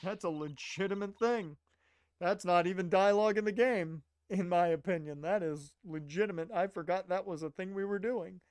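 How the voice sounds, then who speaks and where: A woman's voice: lowish voice, normal speed, darkish tone, clean tone, dry recording, clean studio sound. A woman streamer playing a game, making chatty, joking asides between lines of dialogue. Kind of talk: reading game dialogue aloud, casual commentary.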